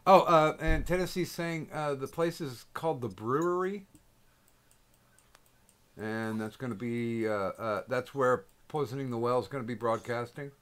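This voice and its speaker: A man's voice: mid-range voice, moderate pace. A man hosting a podcast in casual chat, rambling and joking with many fillers. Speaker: podcast host. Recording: noisy recording.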